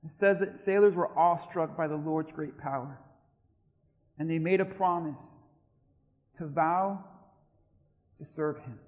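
A man's voice: a little high, unhurried, pauses often, darkish tone, long reverb tail. A male pastor reading scripture aloud and preaching a sermon, leading his congregation in prayer and call-and-response. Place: church.

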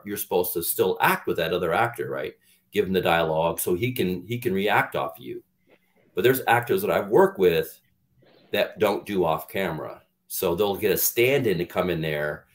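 A middle-aged man with a very deep voice talks as an actor guest on an interview show. He tells candid stories in a loose, rambling way, often restarting his sentences. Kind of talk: casual interview chat.

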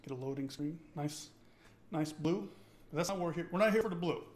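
A man's voice: fairly high pitch, fairly quick. A man hosting a casual live-streamed tech tutorial, chatty and enthusiastic, thinking aloud and often checking in with his chat.

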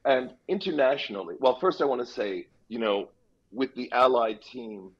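A man speaking as a real estate guest on a radio interview, explaining things in an easygoing way with quick asides. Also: mid-range voice, animated, breathy edge. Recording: dull lo-fi line.

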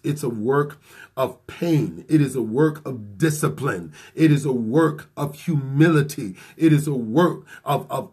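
A man preaching as a pastor, building his points with repeated lines and slowing down to stress them. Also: fairly high pitch, breathy edge. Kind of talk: sermon.

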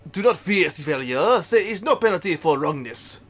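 A man's voice: a little high, expressive, moderate pace, lightly acted. A man voicing a fussy male island guide with a put-on French accent and theatrical broken English.

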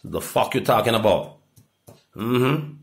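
A middle-aged Jamaican man in a rambling, profane monologue that swings from loud outbursts to low mutters. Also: expressive, slow. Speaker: reggae artist.

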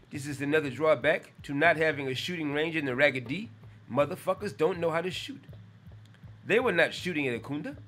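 A man's voice: fairly high pitch, a bit bright. A man hosting a comedy news segment, ranting indignantly and swearing freely. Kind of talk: mock news rant.

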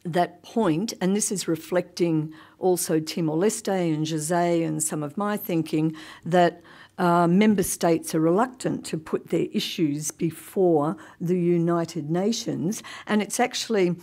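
A woman's voice: lowish voice, measured pace, warm tone. A woman giving a chatty conference talk, with many ums and frequent laughs. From Australia. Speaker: conference panel speaker. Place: conference hall.

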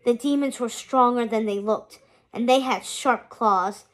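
Expressive woman reader for a children's chapter book, high voice. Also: unhurried. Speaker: storybook reader.

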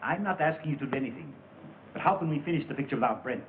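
A man's voice: mid-range voice, lively intonation, racing, natural voice. An actor playing a fussy, temperamental man worried about his reputation. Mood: indignant. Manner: fussy, indignant. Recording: noisy, tinny old film soundtrack.

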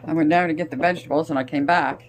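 A woman's voice: sits low, fairly even intonation, quick pace, slight background noise. Chatty woman vlogging outdoors, crickets behind. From Canada. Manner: chatty, laughs often, talks to her cats in a sweet baby voice. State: out of breath from work. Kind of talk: casual vlog chat. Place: outdoors at a rural woodpile, then indoors at home. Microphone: handheld phone camera.

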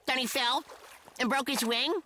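A woman's voice: high-pitched, fairly even intonation, normal speed, pushed and bright, slight background noise. A woman playing a playful, cheeky cartoon animal who talks in a teasing, giggly way in a cartoon dub with music behind. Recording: studio dub over music.

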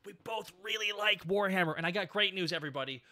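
An excitable man in his thirties hosts a casual stream chat, with a high, very bright and forceful voice. He gushes, thanks people and breaks into sudden yelps. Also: fast. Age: 30s. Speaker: streamer host.

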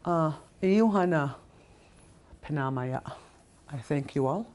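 A woman teaching a language class in a casual, chatty way, repeating words slowly with plenty of fillers. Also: deep voice, lively intonation, a little mellow.

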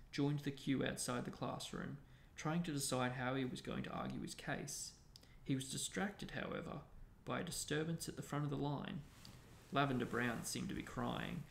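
A man hosting a book discussion, narrating a novel aloud in a steady reading voice. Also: mid-range voice, creaky. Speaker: host and book reader. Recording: echoey room, faint noise.

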